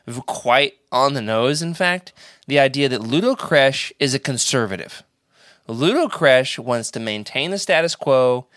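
Podcast host, male, animated and enthusiastic, lively pitch, dry close recording. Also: no room sound. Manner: enthusiastic, animated, quick jokes. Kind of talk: casual roundtable chat.

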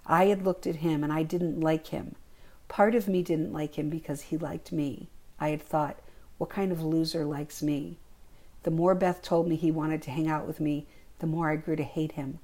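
A woman reads aloud from her own memoir in a calm, reflective first-person telling. Her voice sits low and stays level, with little rise or fall. The tone is dark and mellow throughout. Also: normal speed. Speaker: memoir author reading her own work. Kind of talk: memoir reading.

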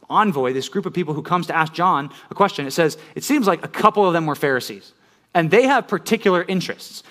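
A middle-aged man preaching a sermon, walking listeners through a Bible passage. His voice sits a little higher than most men's. He explains in a casual, conversational way and keeps checking in with "okay?". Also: fairly bright tone. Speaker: pastor. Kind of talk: sermon teaching on scripture.

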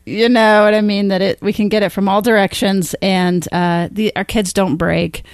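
Middle-aged female co-host, mid-pitched, expressive, laughs easily. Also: moderate pace, clear, resonant tone, no room sound. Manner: warm, expressive storytelling with frequent laughs. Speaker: podcast co-host. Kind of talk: conversational interview.

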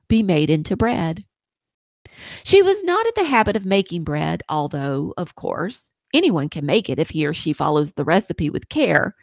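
A woman reads a children's story aloud with a lively, sing-song delivery, her pitch rising and falling all through each line. Her voice sits in a middle range. The sound is close and dry, with no room around it. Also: no echo. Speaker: podcast host reading a story.

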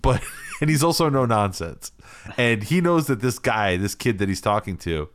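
A man's voice: mid-range voice, expressive, moderate pace, a little hiss or hum. A man co-hosting a podcast, telling a story in a rambling way, laughing often and swearing freely. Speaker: podcast co-host. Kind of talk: casual chat.

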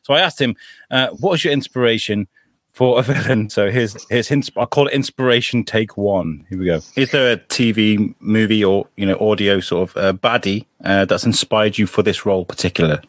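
A man hosting a podcast in casual chat, chatty and quick to laugh. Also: lowish voice, a bit bright, no room sound, studio quality. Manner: chatty, laughs often, many restarts. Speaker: podcast host.

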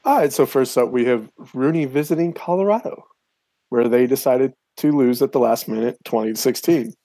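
A man hosting a podcast, moving the talk along in a brisk, dry way. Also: mid-range voice, mellow, dry recording. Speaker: podcast host.

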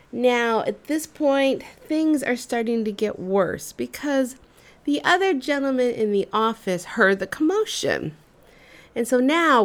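A woman hosting a storytelling show, telling a personal story in an animated, expressive way. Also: mid-range voice. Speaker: storyteller host.

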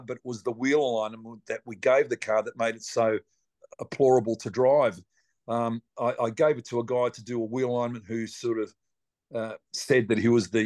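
This is a casual storytelling interview with an Australian race car driver as the guest, recorded without echo. Speaking at a medium pitch, he wanders through chatty anecdotes, swearing mildly and restarting his sentences a lot.

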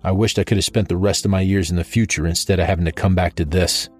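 A man's voice: deep voice, fairly even intonation, fast. A man reading a first-person story in a dry, wry manner. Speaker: narrator.

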